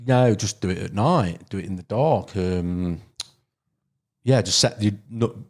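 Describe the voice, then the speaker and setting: Lower-pitched Midlands man telling stories. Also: a little slow, a little mellow. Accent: English Midlands. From Derbyshire, England. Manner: rambling anecdotes with frequent ums, laughs and "you know". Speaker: podcast guest, carp angler. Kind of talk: casual podcast chat, storytelling.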